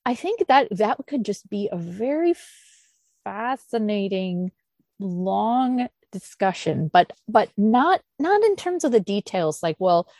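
Slow, thoughtful woman teacher. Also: mid-range voice, big pitch swings, no room sound. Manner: thoughtful, searching, with sighs and soft laughs. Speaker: Zen teacher leading a discussion. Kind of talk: unscripted dharma talk and Q&A.

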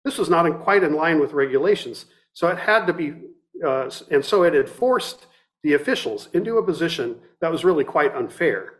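A middle-aged man, a meditation teacher, giving a dharma talk in a reflective, measured way with frequent restarts, partly reading from a book. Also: a little high, expressive.

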